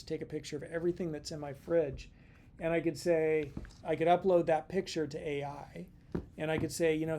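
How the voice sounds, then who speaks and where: A man's voice: a little high, a little mellow, slight background noise. A middle-aged man giving a casual college lecture, chatty and repetitive, with many fillers and restarts. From California. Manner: chatty, repeats himself, plenty of fillers and restarts. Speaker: college instructor.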